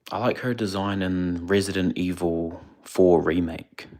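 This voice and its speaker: A young man keeps his very low voice hushed and gravelly. He is chatting casually on a livestream into a phone. He speaks quietly because others nearby are sleeping. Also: steady tone, unhurried. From India. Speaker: streamer. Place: indoors away from home, others asleep.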